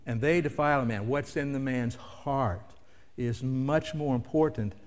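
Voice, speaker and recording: A man's voice: medium pitch, unhurried. An older man preaching a sermon in a conversational way, asking the listeners rhetorical questions. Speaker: pastor. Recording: long hall reverb.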